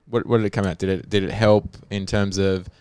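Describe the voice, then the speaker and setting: A man's voice: lowish voice, level tone, a little fast, darkish tone, smooth, no room sound. A man hosting a casual podcast chat, curious and full of long follow-up questions. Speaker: podcast host.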